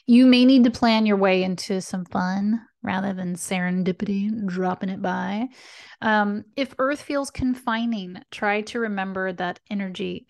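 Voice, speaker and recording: Chatty woman with a gravelly edge. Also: mid-range voice, a little mellow. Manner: chatty, tags lines with "right?" and "okay?"; laughs lightly and swears casually. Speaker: astrology podcast host. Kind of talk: casual solo podcast monologue.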